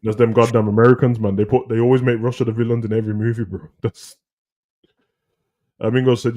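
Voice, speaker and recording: A man, co-hosting a casual live chat, slangy and rambling, breaking into animated rants. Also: lowish voice, quick pace. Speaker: co-host.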